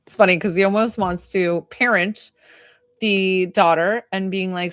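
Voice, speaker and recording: A woman's voice: medium pitch, steady tone, a little slow, no echo, studio quality. A young woman giving a live psychic reading, talking in a rambling, hesitant way full of fillers like "like" and "um.". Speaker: psychic medium.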